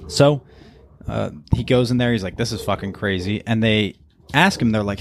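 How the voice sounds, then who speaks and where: A man's voice: lowish voice, a little fast, vocal fry, a little hiss or hum. A man co-hosting a casual book podcast, animatedly retelling scenes and acting out the characters' lines. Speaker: podcast co-host. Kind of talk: casual book-discussion chat.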